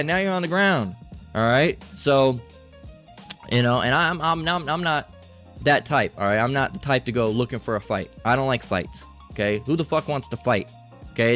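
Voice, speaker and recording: Guy ranting and preaching over a clip, swears a lot, keeps saying all right, faint music behind. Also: mid-range voice. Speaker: commentator. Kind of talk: ranting reaction commentary.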